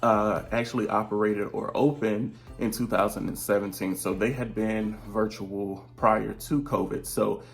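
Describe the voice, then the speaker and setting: Speaking from a seat at home, this thirty-something vlogger and virtual teacher chats casually with his viewers, wandering off topic and laughing partway through sentences. His gravelly voice sits on the low side, unhurried and fairly even, with few pauses. Soft music plays behind him in this casual vlog update.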